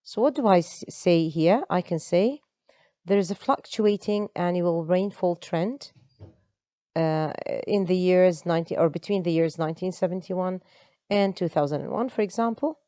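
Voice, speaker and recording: A woman's voice: lowish voice, normal speed, warm tone, no room sound. A woman, an English teacher explaining step by step in an online lesson. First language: Arabic.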